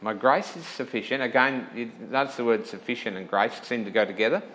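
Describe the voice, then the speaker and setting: A man's voice: medium pitch, fairly quick, a bit bright, poor audio. A male pastor giving a conversational sermon, often checking in with listeners and correcting himself as he thinks aloud.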